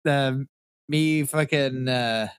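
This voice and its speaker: A man's voice: medium pitch, fairly even intonation, extremely slow, clear, resonant tone, no room sound, studio quality. A man hosting a podcast in casual chat, talking loosely with lots of swearing and laughing. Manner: loose, profane, laughing often. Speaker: podcast host.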